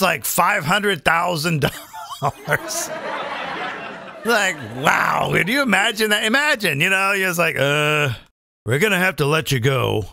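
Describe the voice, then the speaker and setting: A man's voice: high-pitched, vocal fry, sharp tone, a little hiss or hum. A man hosting a live comedy show, ranting in a profane, rambling, digressive way.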